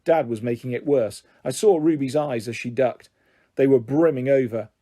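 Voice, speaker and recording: A man reading a children's novel aloud in an expressive, animated way. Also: medium pitch, moderate pace. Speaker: storyteller.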